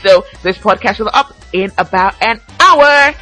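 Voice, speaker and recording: Casting: woman host, bright, forceful tone, chatty solo podcast, quick to laugh, faint music underneath. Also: medium pitch, low-quality recording. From Nigeria. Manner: lively, chatty, laughs a lot. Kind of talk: casual solo podcast chat, reading fan tweets.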